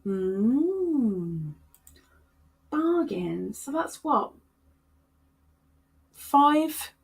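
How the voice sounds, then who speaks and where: A woman's voice: a little high, very animated, drawn-out words, creaky, husky. A woman hosting a casual crochet livestream, chatting playfully with viewers and with her pets.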